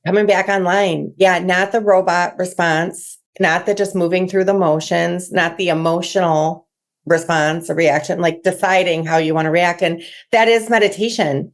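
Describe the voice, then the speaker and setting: A woman hosting an interview podcast, casual and quick to laugh, summing up her guest's points. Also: on the low side, fairly even intonation. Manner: warm-hearted, laughs easily, sums up the guest's points. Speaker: podcast host.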